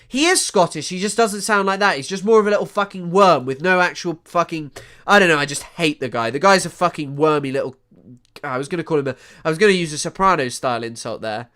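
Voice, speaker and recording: A young man doing casual live-stream commentary, animated and sweary, often trailing off into mumbles. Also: fairly high pitch, fast. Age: young adult. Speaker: streamer reacting to news clips.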